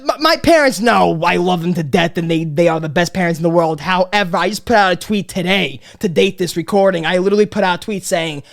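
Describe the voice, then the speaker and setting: A man in his twenties hosting a casual comedy podcast, talking in an animated, sweary way and acting out his family. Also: sits high, fast, gravelly, hardly any pauses. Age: 20s. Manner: animated, swearing, acts out his parents in loud exaggerated voices.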